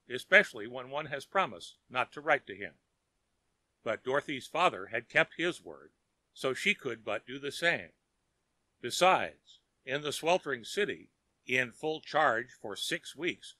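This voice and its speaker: Very bright, expressive male storyteller. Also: medium pitch, measured pace, no echo. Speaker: narrator. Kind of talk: audiobook narration of a short story.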